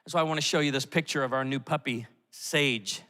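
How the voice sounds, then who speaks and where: A middle-aged man preaching a sermon as pastor, animated and storytelling, acting out the voices he quotes. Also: mid-range voice, fairly quick. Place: large church auditorium. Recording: long hall reverb from a church auditorium.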